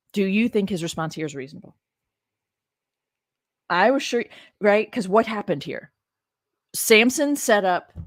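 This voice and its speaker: A religion professor with a medium-pitched voice gives casual commentary on a scripture reading, emotional, exasperated, and blunt. The studio-quality recording has no echo.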